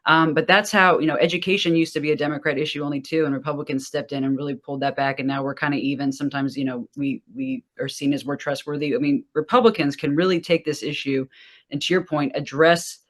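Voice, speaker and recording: A woman's voice: deep voice, steady tone, fast talker. A woman political strategist giving an earnest opinion as a panel guest. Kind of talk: panel discussion.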